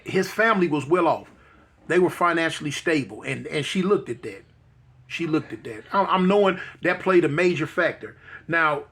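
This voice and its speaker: A middle-aged man telling a personal story in a halting, moved way, repeating words and leaning on fillers. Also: fairly high pitch. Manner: soft-spoken and moved. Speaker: guest telling his life story.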